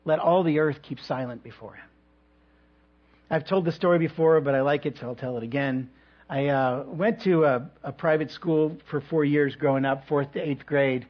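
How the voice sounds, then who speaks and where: A male pastor delivering a sermon in a measured way, with reflective pauses and touches of light humor. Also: fairly high pitch. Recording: dull lo-fi recording.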